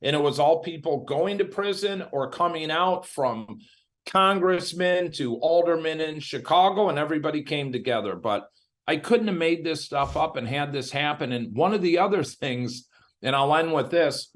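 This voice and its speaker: A man from Illinois, a guest in an interview, telling his story in a candid, animated way and acting out what others said. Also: fairly high pitch, moderate pace. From Illinois, USA.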